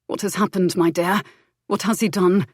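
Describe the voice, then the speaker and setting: An angry, protective male aristocrat, as a woman narrator puts him on, growling out his lines with force. The voice is low for a woman. The recording is close and dry. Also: fairly even intonation, normal speed, a little mellow, no room sound, lightly acted. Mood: gentle.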